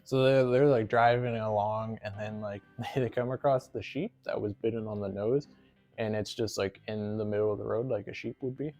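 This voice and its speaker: A man's voice: on the low side, steady tone, normal speed, a little mellow, faint music behind. A man casually recapping a movie plot, rambling with lots of "like" and frequent laughs. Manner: rambling, fills with "like", laughs often. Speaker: movie reviewer.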